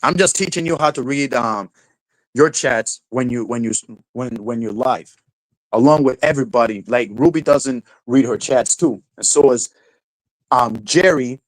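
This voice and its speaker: A young man streaming live who rants and swears, mocking people in a high falsetto now and then. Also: moderate pace, no room sound, low-quality recording. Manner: ranting, profane, mocking, falsetto mimicry of quotes. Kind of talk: casual live-stream rant.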